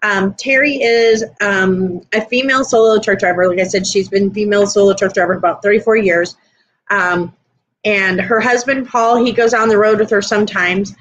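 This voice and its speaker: A woman's voice: medium pitch, steady tone, normal speed, a bit bright, highs cut off, a little hiss or hum. A woman co-hosting a live stream, chatting casually and rambling with lots of fillers. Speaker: podcast co-host.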